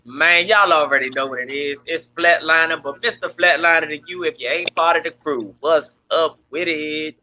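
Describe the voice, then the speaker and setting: An easygoing man co-hosts a live podcast. His voice is very bright and forceful and pitched a little high. The sound is close and dry. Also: normal speed, hardly any pauses, no room sound, rough recording. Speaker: podcast co-host. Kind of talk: casual live podcast chat.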